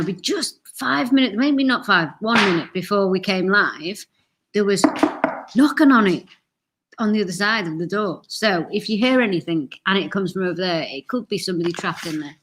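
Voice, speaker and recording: A woman co-hosting a live paranormal show from a castle room, chatting and giggling with her co-host. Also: mid-range voice. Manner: chatty, giggly, warmly teasing. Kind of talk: casual live-stream chat. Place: indoors in a castle room by a fire. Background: crackling fire.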